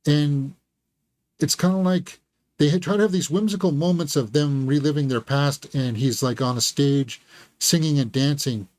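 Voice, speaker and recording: A man's voice: a little high, moderate pace, a little mellow. A man hosting a live film review, thinking aloud and giving candid, critical verdicts. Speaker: movie reviewer and channel host. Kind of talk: live movie review commentary.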